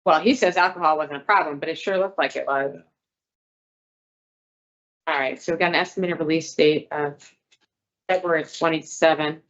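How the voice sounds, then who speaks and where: A woman on a parole board, deliberating with colleagues and then reading out a formal decision in a steady, matter-of-fact way. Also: low voice, moderate pace, pauses often. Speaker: parole board member chairing a hearing. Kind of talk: official hearing deliberation. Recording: dull lo-fi hearing recording.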